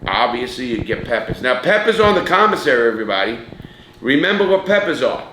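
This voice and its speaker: A man's voice: mid-range voice, sing-song, a little fast, sharp tone, a little hiss or hum. A middle-aged man hosting a casual cooking demonstration, chatting straight to his viewers as he cooks. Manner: chatty, talks straight to viewers as "people" and "guys". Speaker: cooking show host. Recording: echoey room.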